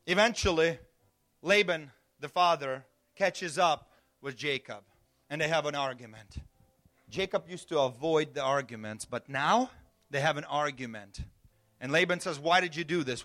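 A man preaching with a high, bright voice. He tells his story in a low hush, then rises to ringing shouts, and his is that of someone who learned it later in life. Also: moderate pace. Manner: storytelling, swings from hushed to shouting. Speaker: pastor. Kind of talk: sermon.

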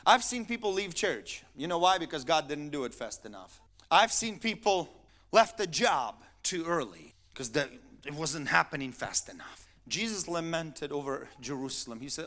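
Male pastor, sermon, emphatic repetition, bright tense voice, slightly high pitch. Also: normal speed. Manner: animated, emphatic preaching with repetition.

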